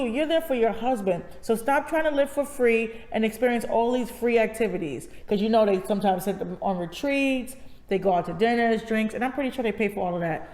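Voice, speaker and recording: A woman's voice: fairly high pitch, a little fast, darkish tone, echoey room, big-room sound, low-quality recording. A woman co-hosting a casual reality TV review, opinionated and emphatic. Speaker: co-host.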